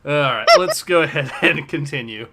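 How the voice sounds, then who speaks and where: A man's voice: fairly high pitch, moderate pace, very noisy. A man hosting a casual livestream, upbeat, reading chat aloud and laughing often. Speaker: livestream host.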